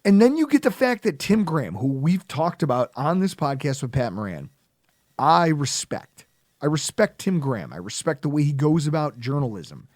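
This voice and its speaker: A man hosting a casual sports podcast, ranting in an animated, sarcastic, heckling way. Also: a little high, moderate pace, no echo, studio quality. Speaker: podcast host.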